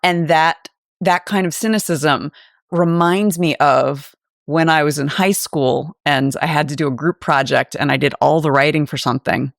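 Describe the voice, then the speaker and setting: A woman's voice: sits low, fairly even intonation, normal speed, creaky, dry recording, studio quality. A woman in her forties, a podcast co-host, talking through her opinions in a thoughtful, candid chat. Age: 40s. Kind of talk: casual discussion.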